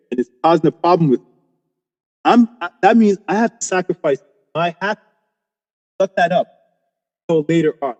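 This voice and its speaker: A man co-hosting a casual podcast discussion, emphatic and opinionated, talking in quick bursts. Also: a little high, a little mellow, long reverb tail, lo-fi sound. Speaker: podcast co-host.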